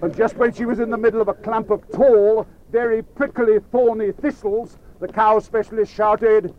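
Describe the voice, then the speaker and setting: A man telling a children's story to a live audience, lively and playful, talking straight to his listeners. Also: sits high, moderate pace, highs cut off, slight background noise.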